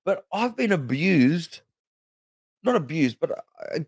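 An Australian man in his forties, a comedian chatting as a podcast guest and telling stories in an animated way, often restarting with "you know". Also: on the high side, slow, breathy edge, dry recording, studio quality. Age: 40s. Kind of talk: casual podcast chat.

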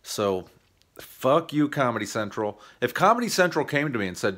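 A man's voice: medium pitch, big pitch swings, moderate pace, a bit bright. An American man ranting profanely into the camera for his comedy channel, combative and sarcastic. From United States. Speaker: YouTube comedian. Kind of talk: ranting video monologue.

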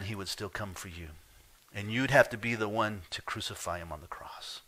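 Man, pastor, sermon, low voice, sharp forceful tone, emphatic, hushed-to-loud swings. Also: a little fast. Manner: conversational asides to the congregation.

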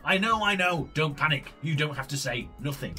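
A man's voice: a little high, expressive, a little fast, sharp tone, soft background music. A man voicing a bragging barbarian. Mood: boastful. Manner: grandiose, bragging, broken grammar. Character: boastful male barbarian hero, pompous. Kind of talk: video game voice acting.

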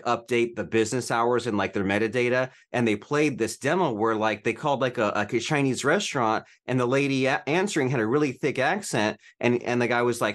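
Podcast host man, mid pitch. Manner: loose, with frequent "like" fillers. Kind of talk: casual podcast interview.

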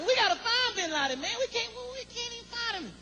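A man doing stand-up comedy as host of a live show, riffing in a high, animated voice. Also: fast talker. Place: stage before a live audience. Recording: loud crowd and noise, live venue.

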